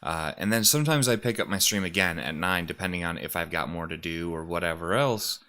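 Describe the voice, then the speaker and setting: A man's voice: low voice, a little fast, bright, forceful tone. A man talking casually into his mic in a room at home, rambling with lots of fillers and restarts, a little out of breath and sniffly. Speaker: YouTuber and streamer. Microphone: desk mic.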